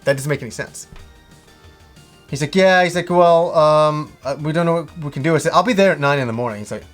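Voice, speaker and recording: A man's voice: on the high side, brisk, faint music behind. Swearing man ranting through a story. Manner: animated retelling with swearing and acted-out dialogue. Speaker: video game vlogger. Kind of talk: casual storytelling rant.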